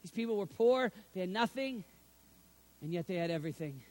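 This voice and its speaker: A middle-aged man preaching a sermon, swinging from hushed, low passages to loud, shouted appeals. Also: expressive, a little fast.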